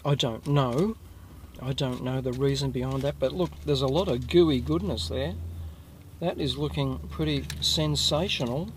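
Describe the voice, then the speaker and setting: A man's voice: mid-range voice, moderate pace, a little hiss or hum. An Australian man hosting a casual food review video, chatting to his viewers in a rambling way and correcting himself as he goes.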